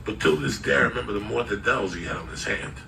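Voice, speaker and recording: A man telling a loud, profane story, acting out the people in it. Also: fairly low pitch, fast talker, gravelly, recorded from a distance, background noise. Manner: loud, profane, animated, acts out voices in the tale. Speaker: storyteller guest.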